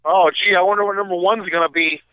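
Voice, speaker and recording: A man co-hosting a podcast in casual chat, an easygoing storyteller with quick comebacks, heard over a tinny phone-like line. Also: high voice, steady tone, smooth, no room sound. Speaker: podcast co-host.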